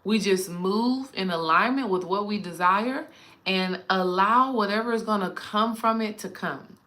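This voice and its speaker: A woman's voice: mid-range voice, a little slow, bright, forceful tone. A woman spiritual coach talking casually and animatedly to her viewers, addressing them directly.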